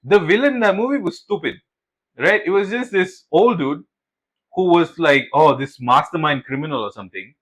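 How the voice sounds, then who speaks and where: On a muffled recording, a young man with a voice on the high side talks at normal speed. He's co-hosting a podcast, animatedly recounting stories, doing voices for quotes and swearing as he goes.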